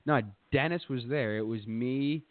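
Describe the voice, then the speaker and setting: A man's voice: mid-range voice, moderate pace, no echo. A man hosting a podcast, telling a rambling, profane story in a boastful casual way. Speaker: podcast host. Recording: tinny phone-like dry sound.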